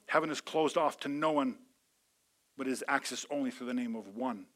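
A man preaching a sermon to a congregation. He speaks to them directly, and his delivery rises from calm teaching to loud, impassioned preaching. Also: mid-range voice, normal speed. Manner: addresses the audience directly, calls for responses. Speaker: pastor. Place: large room with a live congregation.

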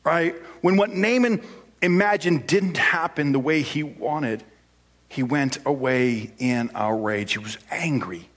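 A man's voice: a little high, a little slow, fairly bright tone. Playful conversational male preacher. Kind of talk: sermon.

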